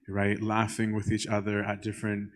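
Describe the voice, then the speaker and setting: A man, a priest, telling a church story in a conversational way, often checking in with the listeners and pausing on "um". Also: fairly low pitch, completely flat delivery, slight background noise. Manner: conversational, keeps checking in with "right?"; frequent filler "um".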